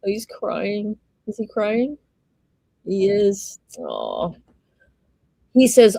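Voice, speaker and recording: A woman's voice: medium pitch, huge pitch swings, extremely slow, gravelly, pauses often, warm tone, husky, dry recording, poor audio. A woman hosting a livestream, giving casual live commentary on a trial and reading messages aloud with running asides.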